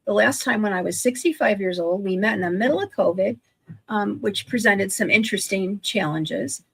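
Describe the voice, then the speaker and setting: An older woman in her sixties talks in a gravelly voice with a husky edge. She chats eagerly on a video call, piling up restarts and asides as she goes. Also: medium pitch, moderate pace. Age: 60s. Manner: chatty, self-correcting, enthusiastic. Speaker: guest, online business owner. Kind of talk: casual livestream chat.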